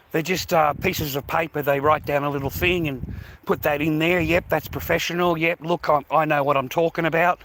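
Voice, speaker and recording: A man holds forth on his own livestream in an emphatic, repetitive rant, calling the listener "mate" and "man" as he goes. His voice sits a little high and comes across bright and forceful. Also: slight background noise, low-quality recording. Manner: peppers speech with "mate" and "man". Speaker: livestream host. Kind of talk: unscripted livestream talk.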